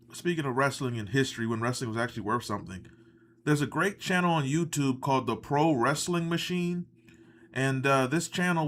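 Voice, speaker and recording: A man with a somewhat high voice rants through a casual live reaction stream. He is sarcastic and swears freely, drifting off into rambling asides. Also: a bit bright, a little hiss or hum. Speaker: livestream host reacting to wrestling.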